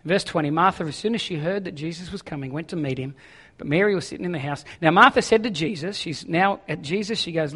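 Male pastor, sermon, high-pitched voice, long reverb from a large hall, moves between reading scripture and pressing paraphrase. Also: quick pace, hardly any pauses, bright, forceful tone, breathy edge. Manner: reads scripture aloud, then paraphrases it in an urgent, conversational voice.

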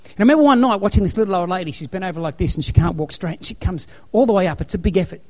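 A male pastor delivering a sermon with a somewhat high but mellow, warm voice. He tells his stories emphatically and keeps repeating key phrases for weight. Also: racing. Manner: emphatic, repetitive storytelling preacher.

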